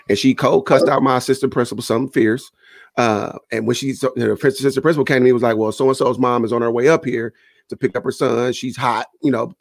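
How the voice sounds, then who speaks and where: A man who is a school principal and podcast co-host, telling a lively story in casual chat and acting out the people he quotes. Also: medium pitch, dry recording. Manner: animated storyteller who acts out quoted voices.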